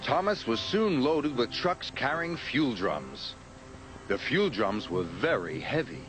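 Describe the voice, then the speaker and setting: A man narrating a children's story in a lively, expressive scripted style. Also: mid-range voice, slow pace. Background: music.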